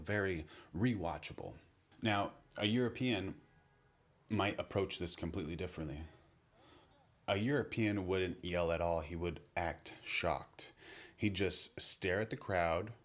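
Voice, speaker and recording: Deep-voiced male commentator, wry, measured comedy monologue. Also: a bit bright.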